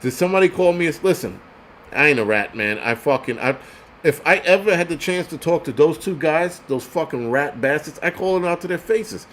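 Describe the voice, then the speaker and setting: A man's voice: on the high side, animated, brisk, fairly bright tone, slight background noise. Angry, foul-mouthed man ranting. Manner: angry, profane, heated ranting; repeats and restarts words when worked up. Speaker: host of a prepping channel. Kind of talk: livestream rant.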